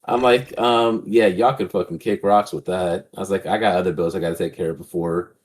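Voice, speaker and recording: Laid-back low-voiced young man. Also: steady tone, fairly quick. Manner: laid-back, swears often, rambling. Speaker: podcast co-host. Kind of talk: casual chat.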